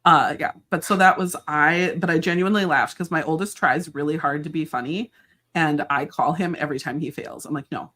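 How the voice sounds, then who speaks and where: Low-voiced middle-aged woman, chatty guest, quick to laugh. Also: a bit bright. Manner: laughing, storytelling, playful. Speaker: podcast guest. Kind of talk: casual chat.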